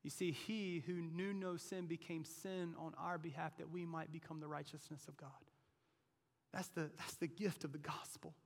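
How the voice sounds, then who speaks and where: A fairly high-voiced man preaching a sermon to a church. He presses hard on his key lines and then drops to near-hushed tones. The sound carries a long reverb from a big hall. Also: level tone, normal speed. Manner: emphatic preaching, voice rising to near shouts and dropping low. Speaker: pastor. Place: church sanctuary.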